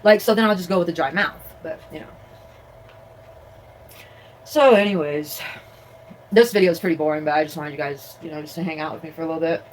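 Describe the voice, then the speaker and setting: Fast-talking, rambling woman vlogger. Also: sits low, a little hiss or hum, rough recording. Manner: chatty, rambling, many fillers and restarts. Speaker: vlogger and crafter. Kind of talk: casual rambling vlog. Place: at home, indoors.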